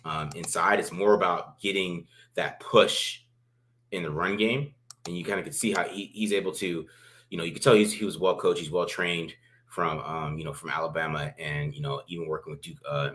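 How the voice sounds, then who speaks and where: A man's voice: low voice, pushed and bright. A man co-hosting a casual football film breakdown, rambling with restarts and asking "right?" after nearly every point. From from a Baltimore family. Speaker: football film analyst co-host.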